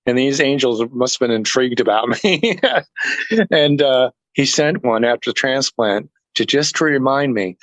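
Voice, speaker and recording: A man telling a personal story to an interviewer in a casual chat, earnest and animated, acting out what others said. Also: mid-range voice, normal speed, no room sound, poor audio. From family heritage is Norwegian. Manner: earnest, animated retelling that acts out other people's lines. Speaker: interview guest.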